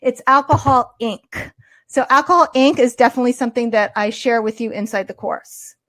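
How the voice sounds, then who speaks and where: A woman with a New York accent and a high, bright-sitting voice hosts a live art webinar. She fields viewer questions in an upbeat, chatty manner and answers each one quickly. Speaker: art teacher hosting a webinar.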